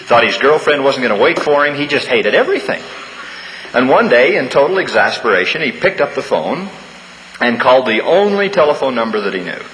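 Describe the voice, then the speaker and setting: Bright-voiced man preaching in a hall. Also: medium pitch, very animated, a little fast. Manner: folksy storyteller, frequent uh and restarts. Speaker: speaker at a campus devotional. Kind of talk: humorous sermon to students. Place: large church hall. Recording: large hall, faint room noise.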